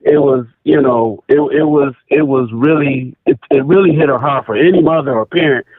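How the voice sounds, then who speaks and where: A man's voice: mid-range voice, moderate pace. Man telling a story over a tinny phone line. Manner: animated, repeats phrases for emphasis. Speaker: caller. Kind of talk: casual storytelling.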